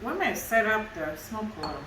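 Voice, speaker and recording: A woman's voice: medium pitch, big pitch swings, normal speed, roomy sound, over a noisy crowd, low-quality recording. A woman from Russia with a Russian accent, chatting her way through a home cooking demonstration in her kitchen, explaining each step in broken English. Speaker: cooking show host.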